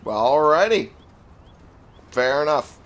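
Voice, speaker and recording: A man's voice: slow, background noise. A man casually commenting while playing a video game, chatty and jokey. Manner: chatty, jokey, animated pitch jumps. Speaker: gaming video host. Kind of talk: casual let's-play commentary.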